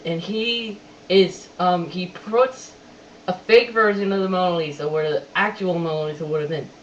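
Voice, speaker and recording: A casual webcam movie reviewer who talks chattily, keeps repeating that he has to admit things, and quotes lines with animated emphasis. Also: mid-range voice. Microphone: webcam microphone. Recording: distant dull webcam audio, faint hiss.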